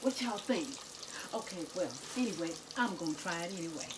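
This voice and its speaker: A woman's voice: fairly low pitch, lively intonation, a little fast, background noise. A woman, chatting with her viewers while she cooks in her home kitchen. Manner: chatty, talks to viewers as "y'all" and "guys". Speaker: cooking vlogger. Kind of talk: casual kitchen vlog.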